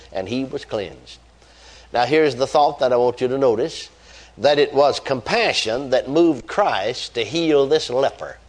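A man preaching a sermon, reading scripture aloud and driving points home with repeated phrases and fervent exclamations. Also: medium pitch. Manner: reads scripture aloud then stresses points with rising emphasis.

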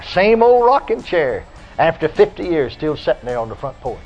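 An older preacher tells homespun stories in a slightly high voice. He now and then rises into shouted praise. The sound is a dull, lo-fi archive radio recording with faint music underneath. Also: very animated, normal speed. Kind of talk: folksy radio sermon.

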